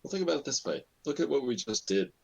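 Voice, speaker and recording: Guy at a tabletop game, lively sing-song delivery, faint hiss. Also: mid-range voice, fast talker, vocal fry. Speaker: player. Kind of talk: casual tabletop play.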